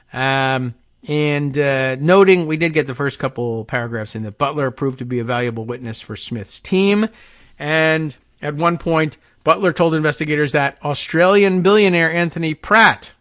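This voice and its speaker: A man's voice: mid-range voice, a bit bright. A male podcast host talks through political news in a loose commentary monologue. His delivery is sarcastic and wry, with rambling asides.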